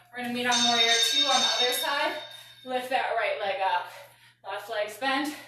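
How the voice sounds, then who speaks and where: A woman's voice: medium pitch, a bit bright. A woman leading a live workout class, coaching with counts and audible exhales while out of breath. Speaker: fitness and yoga instructor. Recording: very echoey room, distant mic, faint noise.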